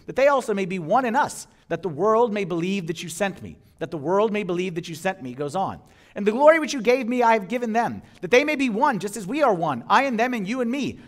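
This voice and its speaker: A man's voice: very high voice, a bit bright. A man preaching a sermon to a congregation. He asks the listeners questions and repeats his key lines for emphasis. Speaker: priest. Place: church before a congregation.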